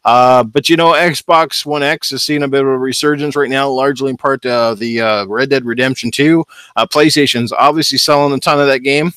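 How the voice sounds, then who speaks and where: Man, gaming stream host, casual and upbeat, mid-pitched, dry close sound. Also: fairly even intonation, brisk, a bit bright, clean tone, no room sound. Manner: chatty, upbeat, greets viewers. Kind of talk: casual livestream chat.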